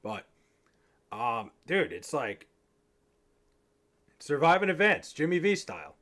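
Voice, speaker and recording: A young man on a livestream talks slowly in a slightly high, sing-song, fairly bright voice. He's a bit tipsy, casually chatting with his chat in a rambling, profane, joking way.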